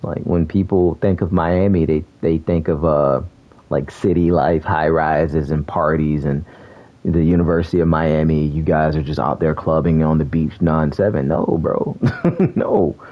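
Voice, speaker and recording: A young man from South Florida with a very deep, low voice talks casually while he streams a shooter game. His tone is laid-back and easygoing, full of laughter and friendly banter. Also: steady tone, a little slow, lo-fi sound. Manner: laid-back, laughs often, says "bro" a lot. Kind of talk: casual chat while gaming.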